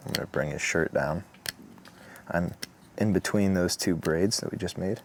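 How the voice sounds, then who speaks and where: A man talking through a woodcarving tutorial outdoors in a relaxed, chatty way, with asides. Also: sits low, moderate pace, a little hiss or hum. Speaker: woodcarving instructor. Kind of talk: step-by-step tutorial narration. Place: outdoors in the morning.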